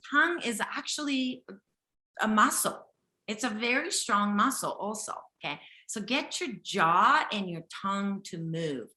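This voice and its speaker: A woman's voice: mid-range voice, lively intonation, measured pace, sharp tone, echoey room. A woman from Japan with a slight Japanese accent and Japanese as her first language, hosting a live health reading and talking directly and insistently, often checking in with "okay?". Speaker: intuitive health reader hosting a live session. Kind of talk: live one-on-one reading with a participant.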